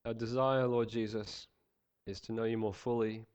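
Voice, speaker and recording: A man's voice: fairly low pitch, little pitch movement, darkish tone, smooth. Preacher guy w a head cold, bit nasal, earnest, slightly muffled lo-fi sound. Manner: earnest, measured, some fillers. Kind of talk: sermon with prayer and scripture reading.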